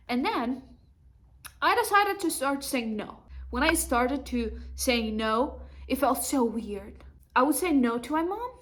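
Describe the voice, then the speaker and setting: Young woman vlogging from home, kinda high voice, does little voices when she quotes people. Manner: acts out quoted dialogue in a raised voice. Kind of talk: personal storytelling to camera.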